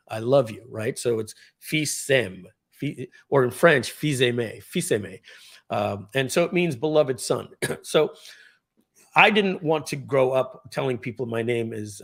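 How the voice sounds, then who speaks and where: Gravelly man clearing his throat. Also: mid-range voice, fairly bright tone. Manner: clears his throat often, with frequent restarts. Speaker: event speaker telling a personal story. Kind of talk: casual storytelling to a live audience.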